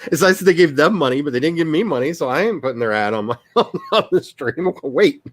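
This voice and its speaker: A man's voice: on the high side, animated, fast talker, no room sound. A man in his forties chatting casually on a livestream, rambling along, reading his chat and laughing often. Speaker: livestream host, writer.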